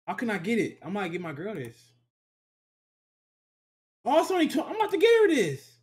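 A man reacting casually to a video clip, talking in loose slang and thinking out loud. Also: high-pitched, wildly swooping pitch, brisk. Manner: loose slangy banter, talks to himself.

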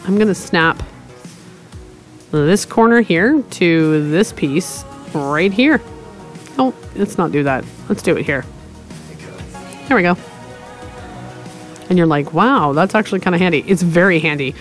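A woman's voice: lowish voice, lively intonation, takes it slowly, long pauses, faint music behind. A woman from Canada hosting a casual screen-recorded game tutorial, chatty and explaining step by step with asides. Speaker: tutorial host.

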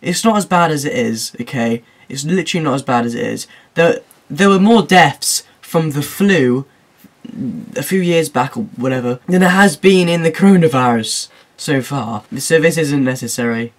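A man's voice: a little high, fairly bright tone. A teenage boy talking casually in a vlog, rambling and jokey, often laughing at his own remarks. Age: teens. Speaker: YouTuber.

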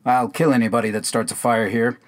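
A man's voice: medium pitch, little pitch movement, brisk, natural voice. Old cabin-dweller, quavering and proud, bewildered, slightly raised voice, read by a man in a poetry reading. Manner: quavering, proud, sing-song retelling.

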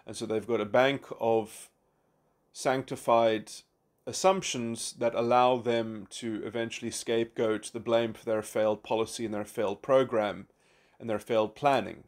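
Halting, reflective man thinking aloud. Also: mid-range voice, steady tone, a little mellow. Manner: halting, many restarts and fillers; reflective, abstract phrasing. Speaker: philosophy commentator. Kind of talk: unscripted solo monologue.

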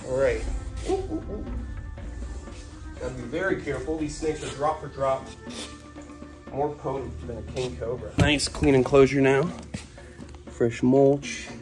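Music plays behind a young man with a medium-pitched voice who speaks at a moderate pace with fairly even intonation. He's hosting a relaxed animal-care vlog about his snakes and lizards, recorded on a phone leaned against a can, chatting eagerly and cooing at his pets.

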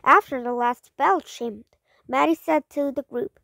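Female reader, high-pitched, halting delivery with frequent self-corrections, dry close recording. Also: gravelly, sharp tone, no echo. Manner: halting, rereads and corrects words. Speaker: storybook reader. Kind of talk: reading a children's story aloud.

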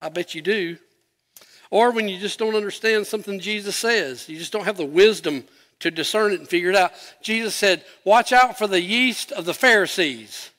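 A man preaching a sermon as pastor, animated, acting out scripture quotes with an emphatic voice. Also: sits high, normal speed, big-room sound.

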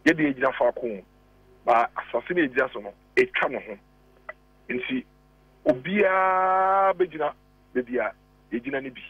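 A man with a Ghanaian accent calling in as a radio guest, arguing deliberately with rhetorical questions, heard over a phone line. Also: mid-range voice, breathy edge, no echo. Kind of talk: radio talk show discussion.

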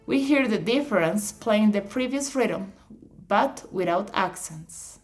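A woman narrating an instructional audiobook, reading definitions in a measured, explanatory way. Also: medium pitch, expressive, soft background music. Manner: measured, explanatory reading with slightly awkward phrasing.

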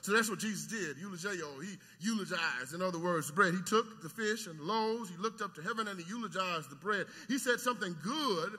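A pastor with a high, bright, breathy voice preaches a sermon fairly quickly with hardly any pauses, swinging between soft teaching and loud shouting. He stammers in repetitions and trades call-and-response with the congregation, his voice ringing with the long reverb of the church sanctuary.

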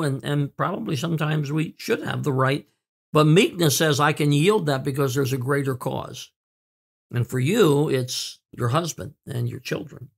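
A man preaching a sermon in an earnest way, with fillers and repeated words, slowing down to stress key words. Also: fairly high pitch. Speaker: pastor.

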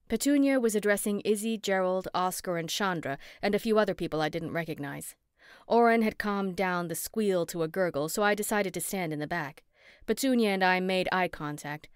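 A woman narrating a first-person cozy mystery audiobook on a close studio mic, lively and expressive in dialogue. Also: on the low side, clean tone, no echo.

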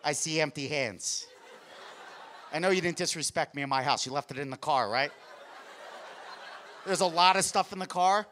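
A man voicing a four-year-old boy who acts like a mob boss, with a low gravelly gangster drawl. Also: moderate pace, long pauses, fairly bright tone, a little hiss or hum, natural voice. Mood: menacing. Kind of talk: stand-up comedy impression.

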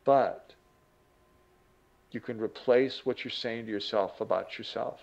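A man with a gravelly, fry-edged voice tells a motivational story in an earnest, lively way. The recording sounds slightly dull and lo-fi, like a modest home setup. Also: medium pitch, measured pace. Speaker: motivational teacher. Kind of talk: storytelling lecture.

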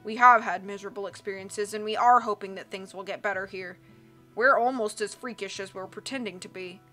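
Woman narrator voicing a girl in a put-on lower voice, middle pitch, crisp, faint music behind; storybook. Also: steady tone, bright, forceful tone, lightly acted. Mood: rueful. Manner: deliberately lowered, careful delivery. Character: teenage girl faking a low voice. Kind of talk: audiobook reading.

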